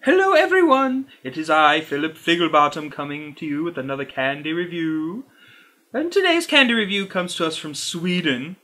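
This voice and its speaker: An actor playing a fussy, squeamish male candy reviewer who hosts a comedy review, talking slowly and over-formally to camera. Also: on the high side, big pitch swings, pushed and bright, heavily acted. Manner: slow, overly formal, wildly swinging delivery.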